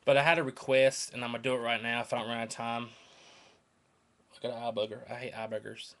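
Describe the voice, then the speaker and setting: A man's voice: mid-range voice, flat delivery, fast talker, fairly bright tone. Rambling Southern man vlogging. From North Carolina, US. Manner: rambling, earnest, emotional, repeats himself. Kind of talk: casual rambling vlog to camera.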